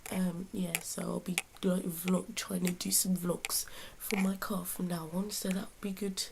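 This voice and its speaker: A young woman, chatting excitedly in a casual vlog with lots of fillers and a soft, half-whispered morning voice. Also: lowish voice, unhurried, creaky, background noise. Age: young adult. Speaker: vlogger.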